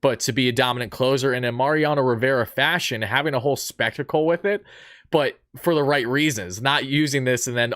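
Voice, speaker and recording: A man's voice: mid-range voice, fairly quick, fairly bright tone, dry recording, clean studio sound. Eager man hosting a sports talk show. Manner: eager, gushing fan talk, uh fillers. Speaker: podcast host. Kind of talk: fan-focused sports talk.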